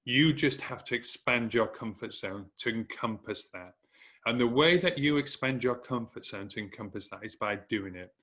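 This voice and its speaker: His voice is mid-range, bright and forceful, moving at normal speed, with a Hull accent from northern England. He coaches business owners in a direct, encouraging way, repeating points for emphasis.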